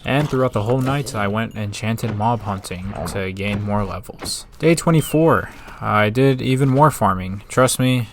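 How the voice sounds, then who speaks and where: Low-voiced man narrating his gameplay. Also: a little hiss or hum. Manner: upbeat recap narration broken by excited outbursts. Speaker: gaming video creator. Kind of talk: casual gameplay narration with live reactions.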